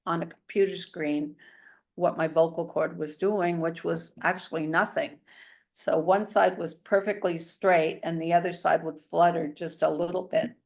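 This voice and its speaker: A middle-aged woman, a guest telling her story in a chatty, animated way. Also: low-pitched, vocal fry. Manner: chatty and animated, a self-described talker. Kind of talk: casual storytelling in an interview.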